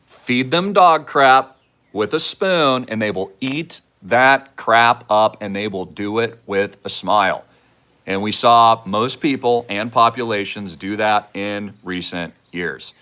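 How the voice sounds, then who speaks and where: A man holds forth as the host of his own channel, talking straight at his audience in an urgent, conspiratorial tone. His pitch sits in an ordinary middle range but leaps sharply upward when he gets worked up, then sinks back to low, muttered asides. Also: a bit bright. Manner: emphatic, swings from low mutters to high outbursts; conspiratorial, addresses viewers directly. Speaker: show host. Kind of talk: monologue to camera.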